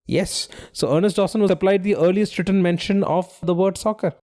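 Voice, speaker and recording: A man's voice: high-pitched, steady tone, brisk, darkish tone. A man co-hosting a quiz podcast, giving clues and explaining trivia at length in casual chat.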